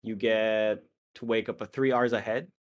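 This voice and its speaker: A man narrating as game master in a relaxed, descriptive way. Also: fairly low pitch, moderate pace.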